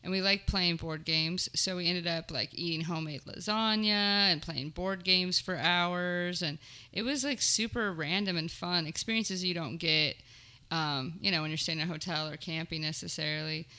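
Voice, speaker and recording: A woman's voice: on the low side, steady tone, normal speed, bright, forceful tone, clear, resonant tone. A young woman, a touring comedian, chatting casually and rambling as a guest, laughing often. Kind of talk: casual chat.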